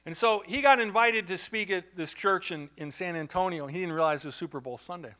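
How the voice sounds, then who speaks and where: A man preaching a sermon in church, telling a story in a conversational, animated way with asides to the congregation. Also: high-pitched, fairly quick. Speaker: pastor.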